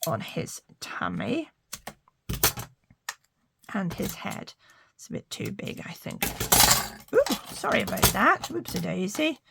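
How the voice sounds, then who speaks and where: A woman's voice: medium pitch, big pitch swings, takes it slowly, creaky, long pauses, heavy background noise. An older woman chatting through a card-making tutorial, talking to her viewers and murmuring little asides as she works. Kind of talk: casual craft tutorial.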